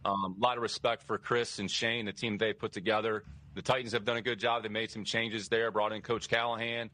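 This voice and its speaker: A man speaking as a football team executive at a press conference, measured and steady. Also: lowish voice, poor audio. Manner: measured, steady, stock phrases.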